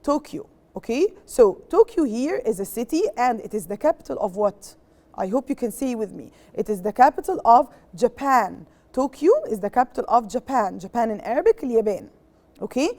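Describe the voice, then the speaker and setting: A woman's voice: fairly high pitch, animated, brisk, warm tone. A young woman with an Egyptian accent teaching an English lesson to young pupils, switching between English and Arabic, repeating key words and checking with "okay?".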